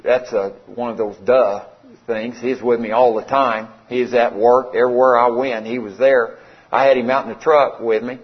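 A middle-aged preacher with a drawl tells a story from the pulpit in a folksy, conversational way, slipping into the voices of the people in it. His voice sits in a middle pitch, and the recording sounds slightly dull and lo-fi. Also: fairly even intonation, normal speed. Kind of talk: sermon storytelling.

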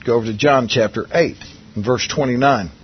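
A man's voice: mid-range voice, a little fast, lo-fi sound, slight background noise. A man preaching a Bible lesson in a conversational way, asking his listeners questions and often restarting his sentences. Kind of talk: Bible teaching sermon.

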